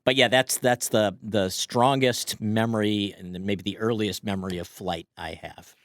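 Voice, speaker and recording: Low-voiced man in his fifties, rambling. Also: fairly even intonation, normal speed, no echo, clean studio sound. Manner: rambling, self-interrupting, laughs often. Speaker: podcast co-host. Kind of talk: casual chat.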